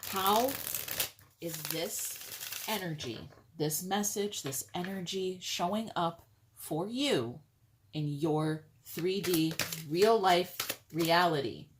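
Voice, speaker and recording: Low-voiced woman doing a tarot reading. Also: slow pace, background noise. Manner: chatty and blunt, swears casually. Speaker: tarot reader. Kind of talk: casual tarot reading to viewers.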